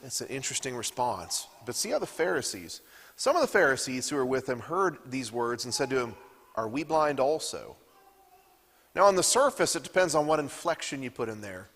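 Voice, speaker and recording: A man's voice: medium pitch, big pitch swings, a little fast, fairly bright tone, in a large hall. Man teaching a Bible class. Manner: reads scripture aloud and asks the class questions. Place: church classroom.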